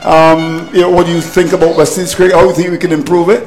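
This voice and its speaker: A man's voice: fairly high pitch, level tone, quick pace, a little mellow, faint music behind, rough recording. A man commentating cricket on radio, exasperated at his team's collapse and repeating phrases for emphasis.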